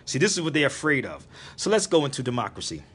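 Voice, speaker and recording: A man's voice: medium pitch, big pitch swings, fast, fairly bright tone, husky. A man hosting a live internet radio stream, lecturing in an emphatic, preachy way and repeating his points.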